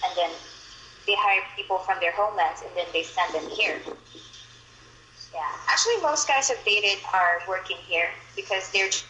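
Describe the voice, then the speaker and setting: A young woman from Manila, Philippines, with a Filipino accent chats loosely with a conversation partner, stringing thoughts together with lots of fillers. Her mid-range voice is bright and clear, and the space sounds roomy and echoing with a faint hiss.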